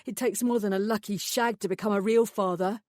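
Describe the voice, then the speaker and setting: An angry young man snaps and snarls with bitter hostility, as a woman reads him in an audiobook. He speaks a little high, in a dry, close recording. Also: steady tone, fairly quick, darkish tone, dry recording, lightly acted. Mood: furious.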